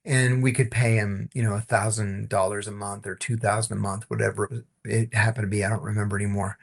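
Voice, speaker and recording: A middle-aged man, a former intelligence officer, telling stories in an interview with a lively, wry delivery. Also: lowish voice, fast, creaky, husky. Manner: lively, wry, acts out the people in his stories. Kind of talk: animated storytelling in an interview.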